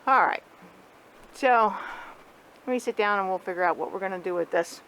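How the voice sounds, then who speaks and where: A woman's voice: mid-range voice, normal speed, fairly bright tone, poor audio. A middle-aged woman chatting candidly to viewers about her crochet project in a casual home video. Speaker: crochet vlogger. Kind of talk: casual chat.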